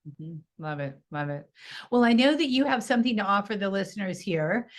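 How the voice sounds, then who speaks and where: A woman's voice: medium pitch, animated, fairly quick. A woman hosting a podcast interview, asking questions and giving brief supportive affirmations. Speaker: podcast host.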